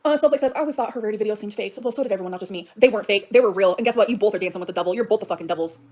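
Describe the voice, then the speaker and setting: A young woman livestreaming, reacting with fast, heated, profane outbursts that swing up to shouting. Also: mid-range voice. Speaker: livestreamer reading and reacting to a post. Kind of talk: emotional livestream rant.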